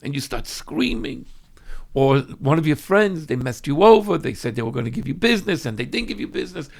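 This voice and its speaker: A man teaching as a rabbi in a dramatic way. He swings between loud outbursts and hushed asides, and acts out everyday people when he quotes them. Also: on the high side, sing-song, a little fast, creaky. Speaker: rabbi teaching a weekly class. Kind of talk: animated religious teaching.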